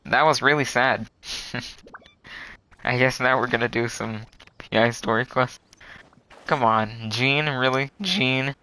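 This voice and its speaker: A young man streaming a game live, chatting casually and groaning loudly when his luck turns bad. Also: mid-range voice, fairly even intonation, slow pace, pauses often, clear, resonant tone, poor audio.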